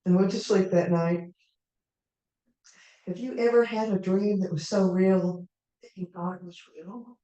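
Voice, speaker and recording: A woman storyteller telling a tale in the first person as a character, in an unhurried, conversational way with asides to the audience. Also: mid-range voice, fairly even intonation, mellow, dull audio. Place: live performance venue. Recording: echoey hall, mic far off.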